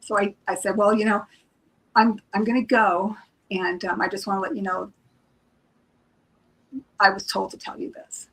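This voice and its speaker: A woman's voice: medium pitch, little pitch movement, moderate pace, pauses often, a bit bright, rough recording. A woman, a psychic reader guest, retelling a personal experience in a casual, emotional way, with many restarts and acted-out quotes. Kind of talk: casual storytelling on a live stream.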